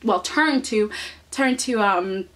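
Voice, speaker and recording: A woman's voice: medium pitch, slow pace, fairly bright tone. A woman casually recapping a soap opera episode, sassy and chatty, with mock voices for the characters.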